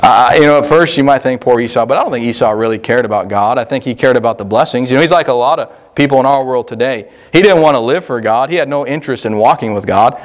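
A male pastor preaching a sermon in a folksy, conversational way, slowing down to stress key words. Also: mid-range voice.

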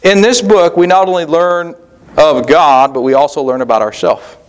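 Earnest preaching man, slightly high voice. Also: steady tone, clean tone. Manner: earnest preaching with repetition and pauses. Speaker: pastor. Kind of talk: sermon.

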